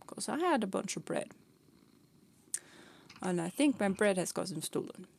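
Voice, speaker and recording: A woman's voice: medium pitch, moderate pace, creaky, pauses often. A young woman streaming a game, chatting casually and playfully, often laughing and scolding her pet cats. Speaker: vtuber streamer.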